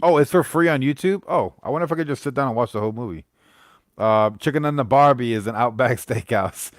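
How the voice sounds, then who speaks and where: A man hosting a casual live stream, talking through movies in a loose, rambling way full of "um"s and restarts. His voice sits at an ordinary middle pitch, recorded close and dry with no room sound. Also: fast talker, dry recording. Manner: rambling, chatty, many fillers and restarts.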